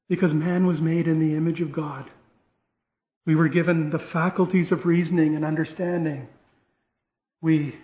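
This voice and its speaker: A man's voice: on the high side, a little mellow. A man preaching a sermon, earnest, often restarting phrases and rising to stress key points. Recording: echoey room, dull lo-fi sound.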